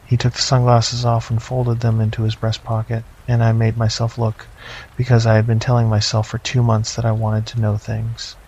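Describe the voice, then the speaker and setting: A middle-aged man narrating a first-person horror story in a slow, measured, deadpan way. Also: mid-range voice. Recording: slightly dull lo-fi, faint noise.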